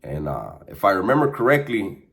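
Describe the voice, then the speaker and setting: Deep-voiced laid-back man. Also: huge pitch swings, fairly quick, vocal fry, fairly bright tone. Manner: laid-back, slangy, laughs while telling. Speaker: storyteller recounting prison life. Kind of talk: casual storytelling monologue.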